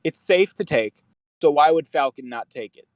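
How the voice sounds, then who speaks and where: A man's voice: a little high, animated, moderate pace, dry recording, low-quality recording. A young man co-hosting a casual podcast chat, rambling, swearing freely and quoting movie lines. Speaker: podcast co-host. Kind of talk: casual chat reviewing a film trailer.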